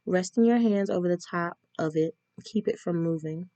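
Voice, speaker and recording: A woman with a lowish, gravelly voice talks through a tarot reading. She reads spell steps aloud in a chatty way, often pausing with ums. The sound is dry and close. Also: mellow, no echo. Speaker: tarot reader.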